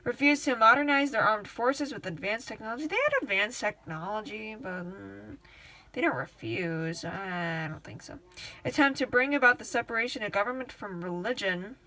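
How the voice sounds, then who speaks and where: A woman walking through practice exam questions in a casual, rambling way, gushing with excitement and dropping slang and swears. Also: medium pitch, normal speed. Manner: chatty, rambling with restarts. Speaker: student tutor. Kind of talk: casual study-guide talk.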